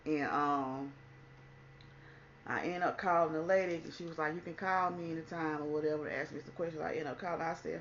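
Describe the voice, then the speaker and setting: Chatty woman with a gravelly voice. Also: low-pitched, steady tone, a little fast, muffled recording, a little hiss or hum. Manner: chatty, says "honey" a lot, acts out quotes. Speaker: vlogger. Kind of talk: casual storytime chat.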